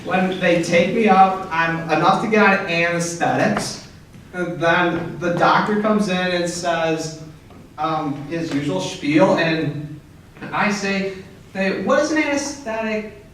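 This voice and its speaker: A young man doing a stand-up set in a comedy club, telling stories in a deadpan way and jumping high for quoted outbursts. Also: slow pace, slight background noise. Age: young adult. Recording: echoey club from far off.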